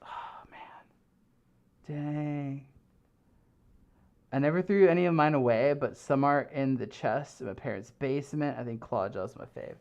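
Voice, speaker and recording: Speaking through a fursuit from a home streaming room, a live streamer reads chat comments in a rambling, giggly way packed with fillers. The mid-range, darkish voice moves at a measured pace with frequent pauses, and the sound is lo-fi.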